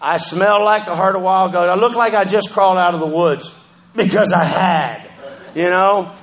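A man shares his recovery story as a personal testimony, speaking in a high-pitched, somewhat bright voice at a moderate pace on lo-fi audio. He's conversational and profane, repeatedly checking in with listeners by asking "you know what I'm saying".

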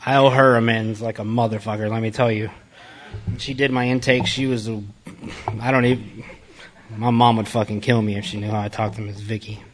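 A man's voice: fairly low pitch, flat delivery, brisk. A man giving a candid personal testimony to a group, blunt, profane and self-mocking. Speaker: recovery speaker addressing a group.

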